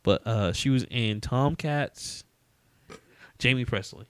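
A man co-hosting a podcast in casual chat, animated and quick to laugh as he rants about bad movies. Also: medium pitch, clear, resonant tone, no echo. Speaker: podcast co-host.

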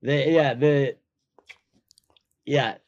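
A man's voice: medium pitch, extremely slow, darkish tone. A man in casual chat, rambling in a laid-back way and trailing off mid-thought. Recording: dull lo-fi dry mic.

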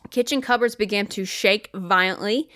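A woman's voice: mid-range voice, normal speed, fairly bright tone. A woman hosting a podcast, telling a haunting story in a casual, rambling way with plenty of swearing and asides.

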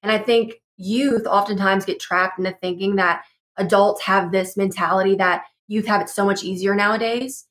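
A woman's voice: medium pitch, steady tone, moderate pace, fairly bright tone. A young woman guest on a panel, earnestly reflecting on her own teenage experience. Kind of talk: personal testimony in a panel discussion.

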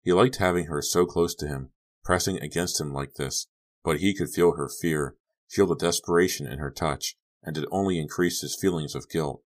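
Male audiobook narrator, very deep voice, measured and suspenseful. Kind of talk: scripted horror audiobook narration.

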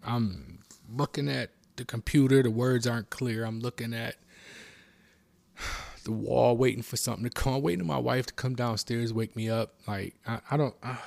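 A shaken, confused man talks haltingly, repeats himself and often drops into unvoiced whispers as he confides what he is going through. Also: medium pitch, gravelly, darkish tone, no echo. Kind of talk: distressed personal confession.

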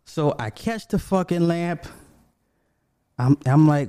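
Dark-voiced man telling a wild story. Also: slow pace, clean tone, dry recording, clean studio sound. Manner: animated, profane, swings from low mutters to high exclamations. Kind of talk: casual storytelling.

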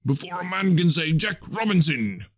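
A man's voice: fairly high pitch, very animated, moderate pace, voice pushed up. A man doing a hearty, jovial old merchant. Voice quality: rich, oily, jovial voice. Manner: hearty, raised, calling out. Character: jovial fat old merchant, warm and boisterous.

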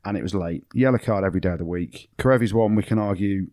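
An English former rugby player hosting a podcast, opinionated and teasing in casual sports banter. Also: male voice, on the low side, fast, dark tone, dry recording. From England.

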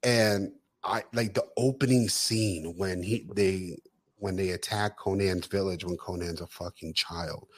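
Slow, low-voiced podcast co-host. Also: male voice. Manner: animated storyteller, profane, laughs often. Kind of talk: casual chat.

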